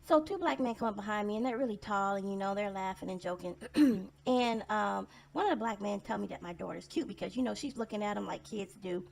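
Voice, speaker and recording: Blunt, sarcastic woman with gravelly fry. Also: mid-range voice, brisk, a little mellow. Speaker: vlogger telling personal stories. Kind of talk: casual storytelling monologue.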